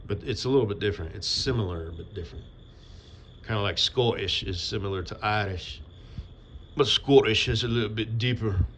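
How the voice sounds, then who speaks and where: A man's voice: deep voice, fairly bright tone, lo-fi sound, slight background noise. A man rambling through a casual, offhand monologue and swearing now and then. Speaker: vlogger.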